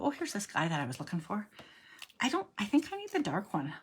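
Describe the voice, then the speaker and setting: With a breathy edge and wildly swooping pitch, a middle-aged woman talks briskly at medium pitch as she hosts a crafting tutorial. It's casual demo chat, chatty and rambling, as she mutters to herself during the work.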